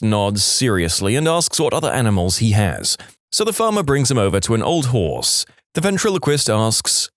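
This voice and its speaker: A man's voice: medium pitch, moderate pace, no room sound, studio quality. A man reading a string of jokes aloud as a storyteller, voicing the characters as he goes. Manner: lively, voices the characters. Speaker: joke storyteller.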